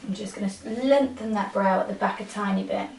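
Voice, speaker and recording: A woman talks through a makeup tutorial, her voice a bit gravelly and soft as she coaxes her model. She sounds set back from the mic in a roomy space. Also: medium pitch, a little fast. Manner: soft-spoken, coaxing instructions to a model. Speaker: makeup artist. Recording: roomy, from a distance.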